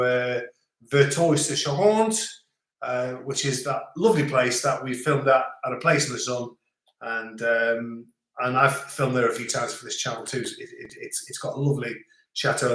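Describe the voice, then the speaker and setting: A man's voice: mid-range voice, moderate pace, fairly bright tone. A middle-aged man hosting a live stream, chatting casually and rambling as he reads out viewer comments. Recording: echoey room.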